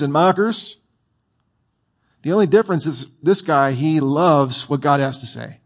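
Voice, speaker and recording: A man preaching a sermon in a conversational, playful way, with asides to his listeners. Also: on the high side.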